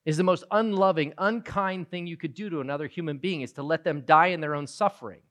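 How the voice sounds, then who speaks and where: A preacher giving a sermon, moving from low, quiet reflection to loud, emphatic retelling of a story. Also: quick pace.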